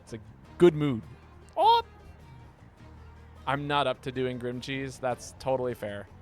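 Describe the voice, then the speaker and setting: A man live-streaming a game, talking casually and playfully, often stumbling and repeating words when excited. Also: mid-range voice, moderate pace, faint music behind.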